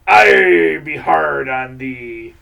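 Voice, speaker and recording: A man doing a gruff male pirate voice, growling "arr" between lines, with a gravelly tone, recorded from some distance. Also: fairly high pitch, expressive, extremely slow, pushed and bright, heavily acted.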